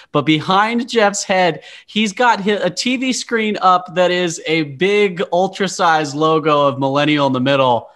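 A man's voice: fairly high pitch, fairly bright tone. A young man from Utah hosting a podcast, friendly and upbeat, with a casual chatty delivery. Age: young adult. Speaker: podcast host. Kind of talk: casual podcast chat and episode intro.

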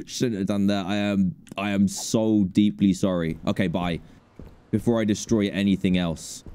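A man, casually commentating a video game and joking as he plays. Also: lowish voice. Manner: jokey, reacting aloud, bursts into panicked yelling. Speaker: gaming YouTuber. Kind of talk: casual let's play commentary.

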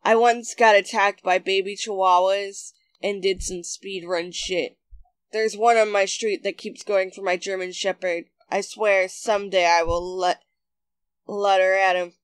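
A narrator reading online comments aloud in a deadpan way with sudden bursts. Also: mid-range voice, unhurried, clean tone, dry recording. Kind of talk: scripted narration.

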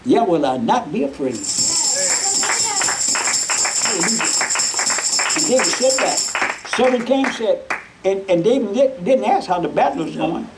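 A man's voice: sits high, sing-song, unhurried, long pauses, over loud music. A man preaching a sermon in call-and-response style, shifting his voice dramatically when he quotes.

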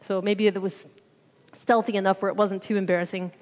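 Woman, mid-pitched, lively testimony storyteller, church hall with long reverb. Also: brisk. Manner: animated, acts out her own reactions. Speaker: church member giving a mission trip report.

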